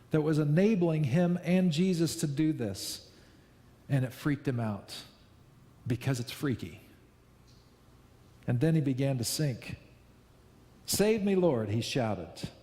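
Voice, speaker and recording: A man preaching a sermon, telling a story in a lively way and repeating key lines for emphasis. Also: on the high side, in a large hall. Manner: storytelling, animated, with repetitions for emphasis. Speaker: pastor.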